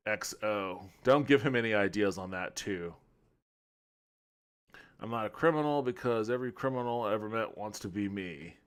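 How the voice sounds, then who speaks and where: A man's voice: fairly low pitch, moderate pace, clean tone. A man hosting a stream, giving casual, blunt and joking reaction commentary. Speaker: stream host.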